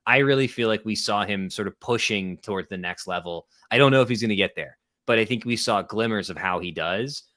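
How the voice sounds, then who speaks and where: A man's voice: lowish voice, brisk, few pauses, a bit bright, dry recording, studio quality. A man co-hosting a live tennis watchalong, chatting opinionatedly about the match with bursts of laughter. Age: young adult or middle-aged parent of an infant. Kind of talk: casual live sports commentary.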